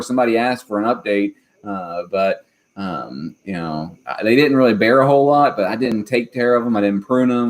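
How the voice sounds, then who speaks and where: A man hosting a homesteading live stream, chatting casually and rambling with lots of hesitant fillers. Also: lowish voice. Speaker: homesteading channel host.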